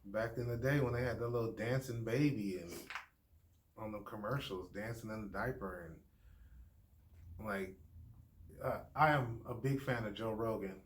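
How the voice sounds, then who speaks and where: A man's voice: fairly low pitch, normal speed, long pauses. An American man in a casual discussion, talking in a rambling way with slang and fillers. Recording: echoey room with faint noise.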